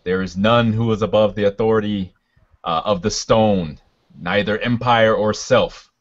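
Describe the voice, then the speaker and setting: A man voicing a lofty cosmic knight who proclaims in a booming, solemn manner, heard on a dull lo-fi recording. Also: measured pace, close to an everyday voice. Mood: solemn, proclaiming. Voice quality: echoing, booming.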